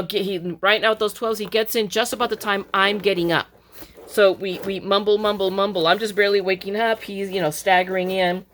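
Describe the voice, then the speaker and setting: A woman's voice: lowish voice, fairly bright tone, slight background noise. Chatty woman gushing over mail. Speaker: crafting vlogger opening mail. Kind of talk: casual chat.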